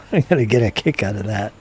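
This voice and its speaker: A man's voice: on the low side, animated, normal speed, a little mellow, slight background noise. A man hosting a casual hobby live stream, muttering to himself as he works on terrain and reading viewer comments aloud. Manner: chatty, muttering to himself while working, reading chat aloud. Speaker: hobby channel host.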